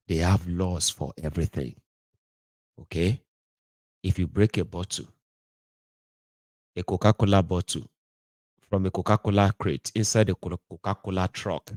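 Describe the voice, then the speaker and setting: Deep-voiced Nigerian commentator. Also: male voice, a little mellow, no echo. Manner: storytelling, joking, many fillers. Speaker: political commentator. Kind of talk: casual talk commentary.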